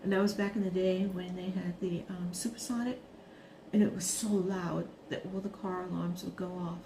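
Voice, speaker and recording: A woman's voice: lowish voice, normal speed, slight background noise. Chatty Brooklyn woman in an echoey room. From Brooklyn, New York. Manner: chatty, reminiscing, rises to animated scolding. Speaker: craft vlogger. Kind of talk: casual monologue while crafting.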